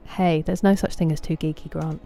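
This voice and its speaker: Chatty English streamer woman, mellow voice. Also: low voice, fairly even intonation, a little fast, vocal fry, faint music behind. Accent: English Estuary. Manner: chatty, answers chat messages by name. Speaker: streamer playing a game. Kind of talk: casual live-stream chat with viewers.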